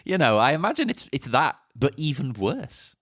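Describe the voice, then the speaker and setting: A man's voice: mid-range voice, sing-song, normal speed, a bit bright, dry recording, studio quality. A man co-hosting a podcast, chatting casually and telling stories with short laughs. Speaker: podcast co-host. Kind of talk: casual chat.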